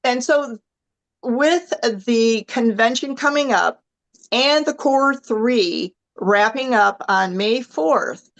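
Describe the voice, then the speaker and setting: Enthusiastic, slightly hoarse woman on a video call. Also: a little high, slow pace, poor audio. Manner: enthusiastic, chatty, gushing. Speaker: team leader. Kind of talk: motivational team call.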